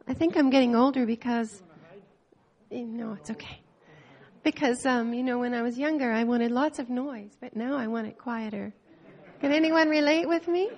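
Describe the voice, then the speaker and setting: Older woman from Canada, fairly high and gravelly, sharing a tender church testimony. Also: a little mellow, lo-fi sound. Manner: emotional, personal, pausing and restarting. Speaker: missionary speaking to a church.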